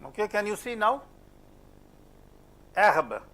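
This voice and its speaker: A man's voice: high-pitched, expressive, a little slow, fairly bright tone. A man with an Indian English accent lecturing a class on French pronunciation, asking questions and repeating words as a drill. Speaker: French phonetics teacher.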